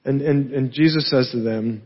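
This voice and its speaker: Husky man teaching a sermon. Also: medium pitch, moderate pace, lo-fi sound. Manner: explanatory, frequent "right?" and fillers. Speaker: pastor.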